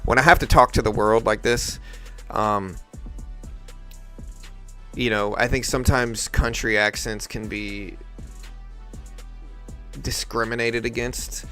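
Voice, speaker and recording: A man's voice: mid-range voice, slow pace, long pauses, faint music behind. A man from near New Orleans with a faint Louisiana accent, chatting casually on a live day-trading stream and answering chat. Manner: relaxed, thinking aloud, answering chat. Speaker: day-trading livestream host.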